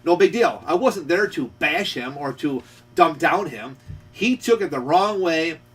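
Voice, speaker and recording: A middle-aged man in a confrontational rant, scolding someone and circling back to the same points. His voice sits a little high for a man. He sounds somewhat distant from the microphone. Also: expressive, a little slow, slightly rough, soft background music. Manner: confrontational, scolding, repeats himself. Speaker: radio repair shop owner. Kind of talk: ranting call-out video.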